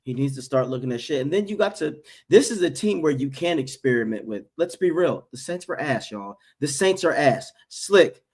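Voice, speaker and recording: A man co-hosting a live sports reaction stream, speaking in a somewhat high voice. He is blunt and fired up. He keeps calling out to his co-host mid-rant. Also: animated, moderate pace, few pauses, darkish tone, breathy edge. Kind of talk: casual sports reaction chat.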